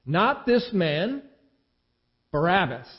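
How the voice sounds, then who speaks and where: A man voicing an angry crowd of accusers with loud, drawn-out shouting. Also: high-pitched, very animated, voice pushed up, full character voice. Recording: dull lo-fi recording.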